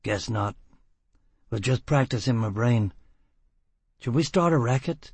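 A tough, blunt man with a gruff, clipped way of talking, played by a man reading aloud. The voice is a little husky and dry. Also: medium pitch, lively intonation, a little slow, no room sound, heavily acted. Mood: weary. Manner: gruff, clipped and rough-spoken.

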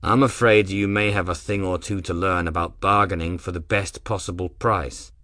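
A man voicing a polite, restrained young knight in a storybook, speaking gently and formally. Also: low voice, fairly even intonation, moderate pace, dry recording, clean studio sound. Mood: courteous.

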